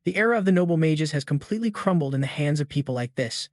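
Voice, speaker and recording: A man's voice: on the high side, expressive, fast, darkish tone, no echo, clean studio sound. A man reading the lines of an earnest, outspoken young man in a recap story.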